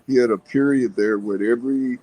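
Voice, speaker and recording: An older man chats casually on a podcast, spinning folksy stories from his working life. He laughs easily and talks in a relaxed, plain way. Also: medium pitch, a little fast, a little hiss or hum, rough recording. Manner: storytelling, folksy, laughs often. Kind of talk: casual chat.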